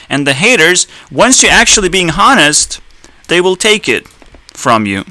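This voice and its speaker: A man's voice: sits high, big pitch swings, measured pace, bright, forceful tone, no room sound, low-quality recording. A young man ranting in a blunt, sarcastic way, swearing often and laughing at his own jokes. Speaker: streamer. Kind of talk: profane ranting commentary.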